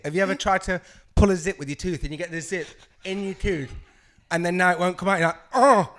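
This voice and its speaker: A man co-hosting a podcast, telling sweary stories in casual chat and laughing often. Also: a little high. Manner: laughing, sweary, animated storytelling. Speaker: podcast co-host.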